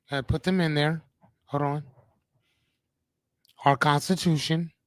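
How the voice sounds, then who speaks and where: A man with a fairly high voice hosts a live-streamed motivational talk, swearing often and tossing in "right?" again and again in a relaxed, casual way. There's no echo.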